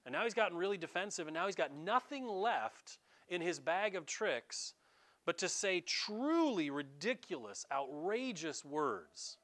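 A man preaching a sermon, animated and acting out the voices he quotes, stumbling over quick restarts. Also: high voice. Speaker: pastor.

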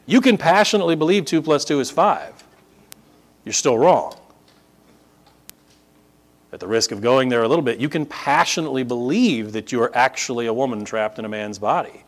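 A man preaching a sermon, moving between quiet conversational asides and loud, drawn-out emphatic peaks. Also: medium pitch, lively intonation. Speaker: pastor.

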